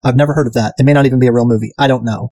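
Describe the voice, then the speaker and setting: A man's voice: medium pitch, steady tone, racing, mellow, no room sound. A man hosting a podcast, recapping a TV episode in casual chat, irreverent and profane, sometimes mimicking characters. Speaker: podcast host.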